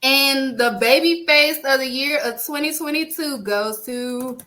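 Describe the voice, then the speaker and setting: Bright, high-voiced woman hosting awards. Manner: playful, announces winners with drawn-out emphasis. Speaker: podcast host. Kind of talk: casual award-show chat.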